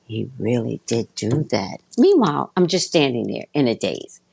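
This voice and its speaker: A woman's voice: a bass voice, very animated, moderate pace, gravelly, a little mellow, breathy edge, dry recording, rough recording. A woman telling a story to her viewers in a casual, blunt, profane way. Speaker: vlogger.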